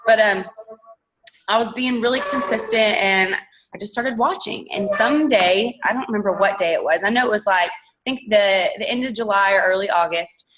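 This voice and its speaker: A young woman, chatting casually as a guest on a call and telling her story in an animated way. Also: mid-range voice, moderate pace, slight background noise, rough recording. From Texas. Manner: chatty, animated, laughs often.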